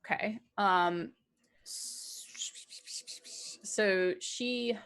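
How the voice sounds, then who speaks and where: A woman playing a tabletop game, chatty and hesitant, with many pauses. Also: lowish voice, fairly bright tone. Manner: chatty, hesitant, many ums, laughs easily. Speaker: player. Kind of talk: casual tabletop game chat.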